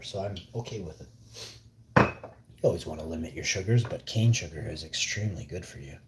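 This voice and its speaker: A sleepy man rambling on a casual live stream from home, his speech drifting into mumbles and near-whispers. His voice sits fairly low and sounds mellow and warm. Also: echoey room, a little hiss or hum. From Canada.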